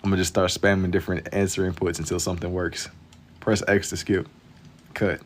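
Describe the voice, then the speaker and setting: A man's voice: sits low, little pitch movement, fairly quick. A young man chatting casually with viewers while drawing on a live stream, laid-back and slangy, keeping his voice down for the late night.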